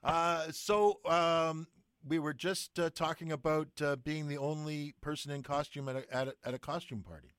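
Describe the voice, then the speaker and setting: A man's voice: on the high side, steady tone, moderate pace, fairly bright tone, clear, resonant tone, no room sound. A man hosting a radio interview, asking questions with lots of hesitation and fillers. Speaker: radio host.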